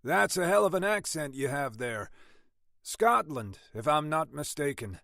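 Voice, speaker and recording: A man's voice: on the high side, big pitch swings, a little slow, gravelly, pushed and bright, no echo, clean studio sound, pitched above the performer's own voice, exaggerated voice. A male narrator voicing a blunt, skeptical husband who shrugs off concerns in an offhand way. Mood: dismissive. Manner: dismissive, offhand.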